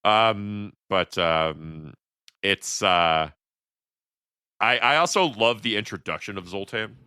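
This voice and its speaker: A man's voice: lowish voice, expressive, slow pace, bright, forceful tone, clear, resonant tone, no echo, clean studio sound. A man in his thirties co-hosting a podcast, rambling casually about a movie and breaking into quoted lines. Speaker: podcast co-host.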